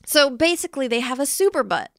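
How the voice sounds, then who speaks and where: A woman's voice: sits high, very animated, fast talker, gravelly, a bit bright, no echo, clean studio sound. A young woman co-hosting a casual comedy podcast, rambling and giggly. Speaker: podcast co-host.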